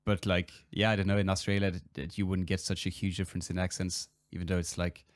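A man's voice: low voice, level tone, quick pace, no echo. A man hosting a podcast, asking curious follow-up questions in casual chat. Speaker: podcast host.

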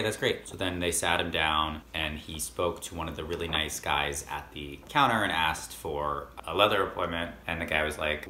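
Fast-talking low-voiced man telling a story. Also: sharp tone, echoey room, slight background noise. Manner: fast, chatty retelling with acted quotes. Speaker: vlogger. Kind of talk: casual storytime vlog.

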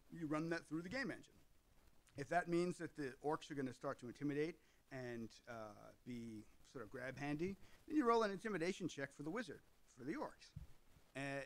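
A man's voice: fairly high pitch, poor audio. A man hosting an explainer video on tabletop games, talking through ideas in a discursive way with asides. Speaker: host.

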